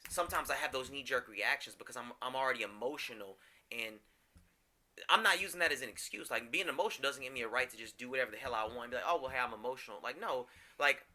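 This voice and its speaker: A man's voice: medium pitch, fast, bright, forceful tone. A man co-hosting a casual podcast, talking openly about his feelings with frequent restarts and fillers. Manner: candid, emotional, rambling with many restarts. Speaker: podcast co-host.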